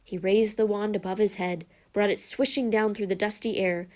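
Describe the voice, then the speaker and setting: Woman reading a storybook out loud, calm and steady. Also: medium pitch, moderate pace. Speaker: narrator.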